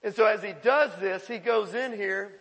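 A male pastor preaching a sermon in a folksy, animated storytelling way, in a church. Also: sits high, moderate pace, long reverb tail.

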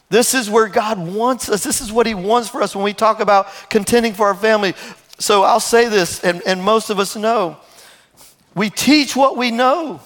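A man, the pastor, preaching a sermon in an animated way, laughing and breaking into asides. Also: sits high, big-room sound.

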